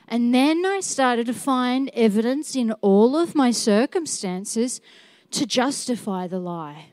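A woman's voice: fairly high pitch, mellow, no room sound. A woman teaching a church class, playful and laughing often as she asks the room questions. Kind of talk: sermon teaching.

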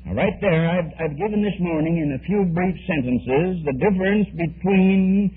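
A man delivers a sermon with earnest conviction, his husky voice pitched a little high for a man. He presses his points hard and often restarts a phrase mid-thought. The sound is thin and boxy, like an old archival radio transmission. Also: narrow, tinny audio. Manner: earnest, emphatic preaching with repeated restarts. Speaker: preacher.

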